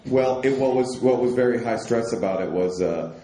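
A man's voice: mid-range voice, normal speed, dark tone, echoey room. A man co-hosting a podcast on a live stage, telling a rambling, self-deprecating story with lots of restarts. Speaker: podcast co-host.

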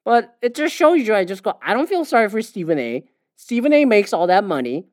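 A man's voice: high-pitched, big pitch swings, a little fast, no room sound. Profane ranting man, dry close mic. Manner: profane, ranting, with frequent fillers. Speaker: podcast host. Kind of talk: casual sports rant.

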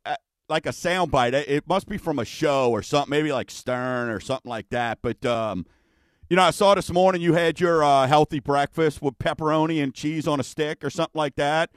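A man's voice: fairly high pitch, a little fast, no room sound. Chatty rambling male show host. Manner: rambling, chatty, many fillers. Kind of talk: casual radio-style chat.

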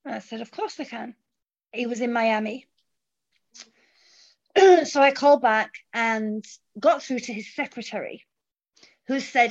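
A middle-aged woman from England tells a story in relaxed conversation. Her voice sits fairly high, and she acts out the voices of the people in it. The recording sounds dull and lo-fi. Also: unhurried, long pauses. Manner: animated, acts out quoted voices. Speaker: guest. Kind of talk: casual storytelling. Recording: dull lo-fi audio.

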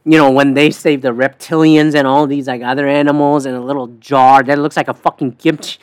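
A man's voice: mid-range voice, level tone, a little fast, darkish tone, clear, resonant tone, no room sound. A man hosting a podcast, telling a story in casual, sarcastic style, swearing often. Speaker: podcast host. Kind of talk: casual profane monologue.

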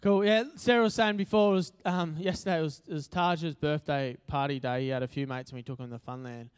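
A man's voice: a little high, fairly even intonation, a little fast, clear, resonant tone. An Australian man giving a casual, chatty sermon at church, joking and using lots of fillers. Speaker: preacher. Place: church hall.

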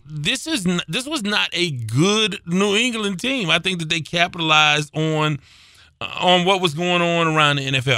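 A man's voice: on the high side, sharp tone, clear, resonant tone, no room sound, clean studio sound. A man hosting a sports talk chat, giving opinions with lots of uhs as he thinks aloud.

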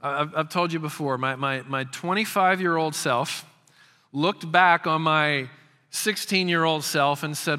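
A man's voice: on the high side, normal speed, pushed and bright, smooth. A man in his fifties preaching a sermon as a pastor, emphatic and prone to repeating words as he starts a phrase. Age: 50s. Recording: long hall reverb.

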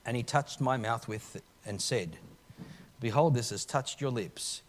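A man preaching a live church sermon, earnest, moving between quiet reflection and impassioned emphasis, with frequent restarts. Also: mid-range voice, a little slow. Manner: frequent restarts and filler uhs. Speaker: pastor. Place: church service.

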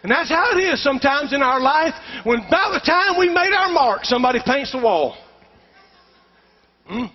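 Middle-aged pastor, very high male voice, emphatic call-and-response preaching, muffled church recording with long reverb. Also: big pitch swings, normal speed. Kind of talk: sermon. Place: church sanctuary.

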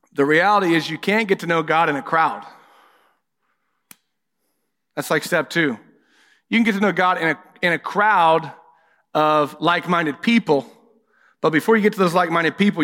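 Bright-voiced male pastor preaching in a hall. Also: on the high side. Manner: candid, conversational preaching with personal stories. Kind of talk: sermon. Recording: long hall reverb.

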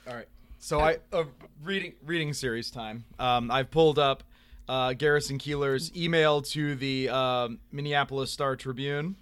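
A man co-hosting a podcast, chatting casually and riffing animated, profane jokes. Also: mid-range voice, normal speed, clear, resonant tone. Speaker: podcast co-host. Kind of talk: casual chat.

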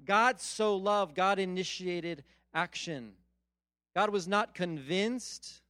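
High-voiced man preaching a sermon. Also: slow, dry recording, studio quality. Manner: animated, repetitive emphasis with stammered restarts. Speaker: pastor.

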